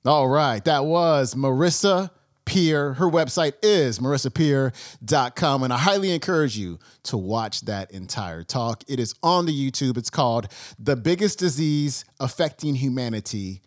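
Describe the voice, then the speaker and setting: A man's voice: medium pitch, animated, normal speed, no room sound, studio quality. A man hosting a podcast, signing off the episode in an upbeat, casual way. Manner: upbeat, direct sign-off to listeners. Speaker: podcast host. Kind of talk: casual show outro.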